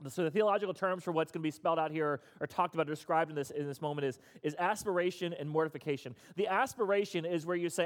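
A man's voice: fairly high pitch, fast, hardly any pauses. A male pastor giving an interactive sermon, emphatic and repetitive, coaxing his audience to respond. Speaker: pastor leading a recovery group. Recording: echoey hall.

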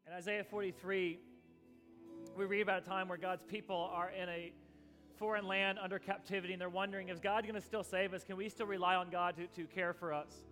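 A man preaching a sermon, earnest, building to emphatic passages and then dropping soft, over soft music. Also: sits high, flat delivery, brisk. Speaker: pastor.

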